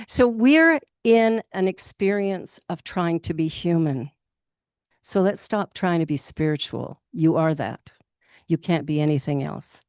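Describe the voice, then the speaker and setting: A Canadian woman gives a relaxed sermon in a chatty, candid way, acting out little quotes as she goes. Her voice sits a touch low for a woman. The sound is dry and close, with little room around it. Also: unhurried, smooth, no echo. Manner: chatty and candid, laughs often, acts out quotes. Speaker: minister. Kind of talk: casual spoken sermon. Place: spiritual centre in Toronto.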